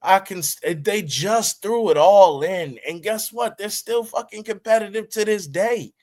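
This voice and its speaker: A man delivers a heated post-game fan rant, jumping from low, muttered frustration to high, shouted outbursts and cursing freely. In between he settles into a steadier tone to read out the stats. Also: unhurried. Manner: reads stats in a flatter, steadier tone. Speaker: sports talk host.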